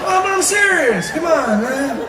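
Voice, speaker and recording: A man doing an impression of an older male politician who mumbles and insists loudly. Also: very high-pitched, very animated, moderate pace, distant mic, heavy background noise, pitched above the performer's own voice. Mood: insistent. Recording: live show, echoey hall, loud crowd.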